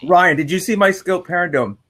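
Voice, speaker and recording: Man hosting a livestream, rambling storyteller, somewhat high voice. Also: fairly quick, a bit bright, husky. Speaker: livestream host. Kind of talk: casual chat.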